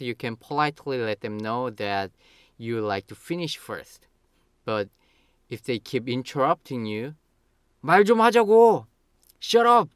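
A man's voice: medium pitch, fairly bright tone, smooth, dry recording, clean studio sound. A man from Korea, a language teacher explaining grammar and acting out example phrases with big swings in tone.

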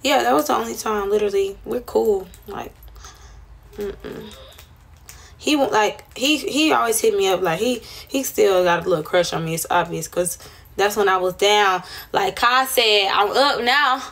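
Gravelly young woman chatting on a livestream. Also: medium pitch, normal speed, a bit bright. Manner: slangy, profane, rambling storyteller. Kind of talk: casual livestream chat with viewers.

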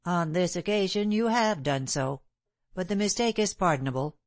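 A woman voicing a calm, stern gentleman in an audiobook, cold and composed. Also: lowish voice, moderate pace, no room sound, lightly acted.

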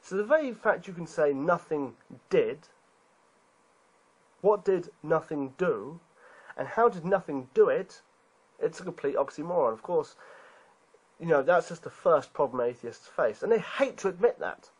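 A man's voice: fairly high pitch, lively intonation, a little slow, a little mellow, slightly rough, rough recording. A man giving a preachy, rhetorical monologue, emphasizing points and asking rhetorical questions. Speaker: video creator being responded to.

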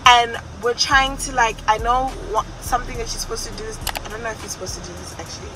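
A young woman tells a personal story for her vlog, her voice sitting a touch high. She talks in a candid, emotional way. Loud traffic noise runs behind her outdoors. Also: quick pace, low-quality recording. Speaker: vlogger.

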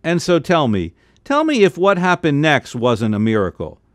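A man, a cantor, reading a bedtime story aloud with lively, expressive delivery, jumping into high excited voices for the characters' lines. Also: moderate pace, no room sound, clean studio sound. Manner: jumps into high excited voices for family members' quotes.

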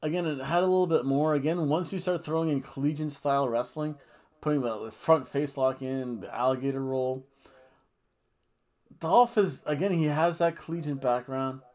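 A man's voice: fairly high pitch, moderate pace, darkish tone. A man casually reviewing a wrestling show, rambling and joking, a little tipsy from red wine. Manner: jokey, rambling, breaks into goofy singing and chants. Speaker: podcast co-host reviewing wrestling.

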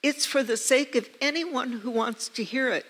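With a high-pitched, fairly bright voice edged with breathiness, an older female pastor from the United States preaches at normal speed. She shares personal stories, repeating herself earnestly and emphatically, while long reverb fills the church sanctuary.

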